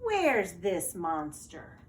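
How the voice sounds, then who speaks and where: A woman voicing a calm male hedgehog, speaking in a drawn-out, reassuring way. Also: fairly low pitch, slight background noise, exaggerated voice. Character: calm male hedgehog, brave then scared.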